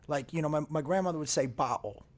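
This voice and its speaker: A high-pitched middle-aged man talks loosely on a podcast, riffing with lots of swearing. He jumps between jokes and stories with animated energy. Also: very fast. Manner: animated, profane, riffing storyteller. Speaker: comedian guest. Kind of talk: casual podcast chat.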